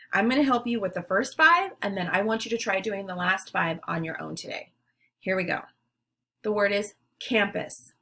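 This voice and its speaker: A woman teacher leading young children through a phonics lesson, giving words slowly and clearly for them to repeat. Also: medium pitch, fairly bright tone, slight background noise. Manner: slow, clear, leading call-and-response drills.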